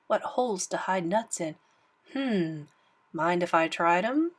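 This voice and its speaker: A woman voicing a sly little squirrel in a storybook reading, speaking in a hushed, sneaky whisper. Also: on the low side, animated, takes it slowly, pitched below the performer's own voice.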